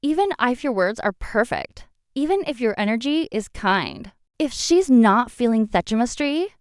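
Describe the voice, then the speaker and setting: A woman's voice: on the high side, no echo, clean studio sound. A woman giving scripted narration, addressing the listener directly with blunt advice and rhetorical questions. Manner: direct second-person advice.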